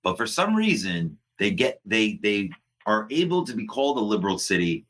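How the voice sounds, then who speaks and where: A man's voice: fairly low pitch, moderate pace, a little hiss or hum. A man co-hosting a podcast, rambling through casual chat with restarts and frequent laughs. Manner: rambling, animated, laughs often. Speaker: podcast co-host.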